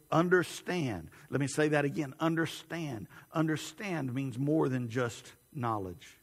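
A middle-aged man preaching a sermon, telling stories and then pressing his points with emphasis. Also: medium pitch. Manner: storytelling, rising to emphatic preaching. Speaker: pastor. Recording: long hall reverb.

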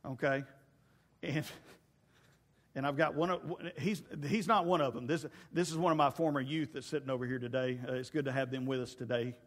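A middle-aged man preaching a sermon in a church, telling funny stories with loud, animated asides. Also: medium pitch, a little fast. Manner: animated, humorous storytelling with shouted asides. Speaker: pastor. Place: church sanctuary. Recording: long hall reverb.

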